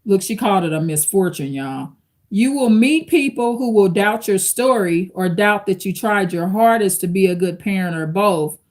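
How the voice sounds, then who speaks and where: A woman's voice: mid-range voice, expressive, normal speed, darkish tone. Woman reading aloud and commenting on a live stream. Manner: conversational, addresses viewers as y'all, reads quotes aloud. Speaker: channel host reacting to an article.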